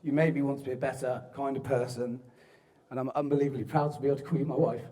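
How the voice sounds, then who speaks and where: A man's voice: medium pitch, steady tone, fast talker. A young man from giving a joking, self-mocking groom's speech at a wedding reception, often breaking into laughter. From southern England. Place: wedding reception hall with guests. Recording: crowd noise of a reception. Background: guests laughing and chatting.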